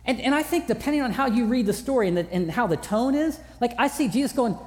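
A man's voice: extremely high pitch, expressive, fast talker. A man preaching a sermon as pastor in a large church auditorium, conversational with self-deprecating humor. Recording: long hall reverb.

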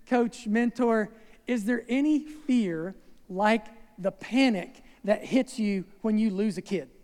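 A man's voice: high-pitched, darkish tone, clear, resonant tone. Man preaching in an echoey hall. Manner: conversational preaching with asides and rhetorical questions. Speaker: pastor. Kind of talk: sermon. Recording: long reverb of a large hall.

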